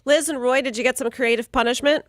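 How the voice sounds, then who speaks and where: A woman co-hosting a radio call-in show, briskly bringing in callers and teasing her co-host. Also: high voice, fairly even intonation, no room sound, clean studio sound. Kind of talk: casual radio banter.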